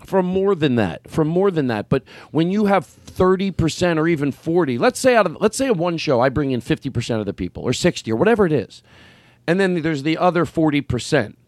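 A man, a comedian and podcast host, telling a story in casual chat, animated, swearing and acting out his own lines. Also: a little high, a little fast, dry recording.

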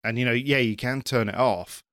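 A man's voice: medium pitch, fairly even intonation, brisk, a bit bright, smooth, dry recording, studio quality. A man hosting a rally podcast, rambling cheerfully with restarts and self-deprecating asides. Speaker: podcast host. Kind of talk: casual panel chat.

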